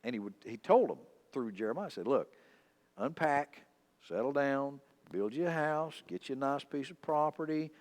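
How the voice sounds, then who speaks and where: A man's voice: medium pitch, moderate pace. A male pastor preaching a sermon, telling folksy, humorous stories in a conversational way. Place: church sanctuary.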